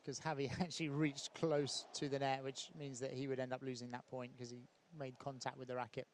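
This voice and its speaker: A man giving relaxed, chatty live commentary on a padel match, with frequent ums and small laughs. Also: medium pitch, fairly quick, slight background noise.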